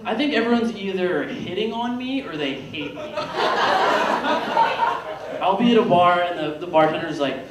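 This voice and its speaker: A man's voice: high voice, normal speed. A man in his thirties doing a self-deprecating stand-up set on a theater stage, acting out other people's lines as he goes. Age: 30s. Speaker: stand-up comedian. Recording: echoey room from far off, loud noise.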